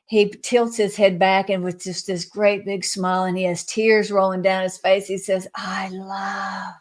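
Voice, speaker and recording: A woman guest sharing a spiritual vision in an earnest storytelling way, often dropping to a soft, slow hush. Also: medium pitch. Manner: soft, hushed and slowed when quoting; earnest, with fillers and restarts.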